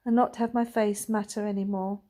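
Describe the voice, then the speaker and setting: Woman gently reading a story aloud. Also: mid-range voice, flat delivery, a little fast. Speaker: reader.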